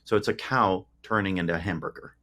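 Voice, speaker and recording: A man's voice: sits low, fast, bright, forceful tone. A man, a tech company founder, speaking as a podcast guest and explaining ideas through homely analogies with frequent restarts. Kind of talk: casual interview chat.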